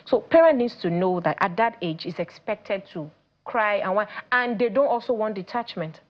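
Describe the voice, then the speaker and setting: Nigerian woman, parenting coach on a talk show, animated, quotes people in voices, a bit dull sound. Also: medium pitch, normal speed. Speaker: teen coach guest. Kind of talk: studio talk show conversation.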